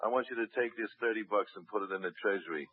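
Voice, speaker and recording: A man's voice: fairly low pitch, racing. Jovial man on a crackly 1940s broadcast. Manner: jovial, coaxing, chuckling often. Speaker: radio show host. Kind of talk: live radio variety chat. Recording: tinny, noisy 1940s radio broadcast.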